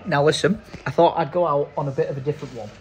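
A man chatting excitedly in a casual vlog, gushing and laughing often. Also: a little high, quick pace, lo-fi sound. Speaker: vlogger.

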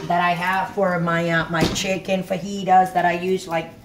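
In her home kitchen, a middle-aged woman hosts a casual cooking demonstration in a lowish, flat voice at normal speed, with a noisy background. She's chatty and rambling, constantly checking that viewers follow by asking "you know what I'm saying?"

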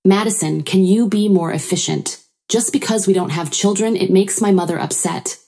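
A woman's voice: mid-range voice, normal speed, creaky, mellow, lightly acted. A woman voicing a smug, dismissive young husband who lectures his wife condescendingly. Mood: lecturing.

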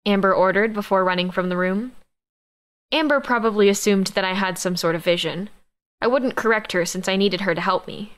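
A woman narrating a first-person audiobook in an even, measured reading. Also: mid-range voice.

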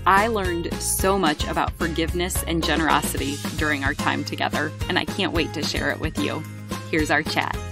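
Brief: female podcast host, sincere, slightly low voice, music clear behind her. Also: fairly even intonation, normal speed. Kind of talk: podcast interview.

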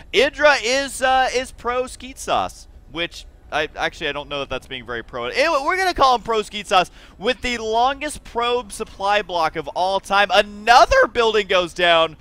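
Young male game caster, high voice, sharp and bright tone, teasing, jokey play-by-play. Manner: joking, teasing, mock-scolding. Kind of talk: esports play-by-play commentary.

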